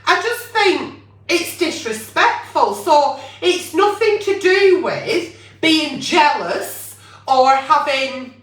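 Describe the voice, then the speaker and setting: A woman's voice: sits high, very animated, takes it slowly, fairly bright tone, distant mic. A woman hosting a late-night advice chat, blunt and sweary, firing off rhetorical questions. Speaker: advice show host. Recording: echoey room, away from mic.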